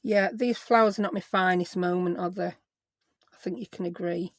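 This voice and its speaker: A woman's voice: fairly low pitch, steady tone, moderate pace, no room sound. A woman hosting a casual crafting vlog, chatty and self-deprecating, talking to herself as she works. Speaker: craft channel host.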